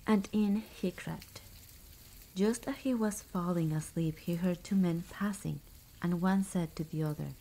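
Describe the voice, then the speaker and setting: A woman reading a fairy tale aloud as a whispered ASMR bedtime story, soft and hushed. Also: on the low side, a little slow, poor audio.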